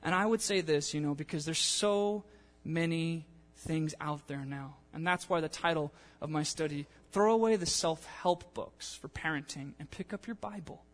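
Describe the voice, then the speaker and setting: High-voiced young male preacher in a church. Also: moderate pace, hardly any pauses. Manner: animated, conversational, acts out quotes. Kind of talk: sermon. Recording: long church-hall reverb.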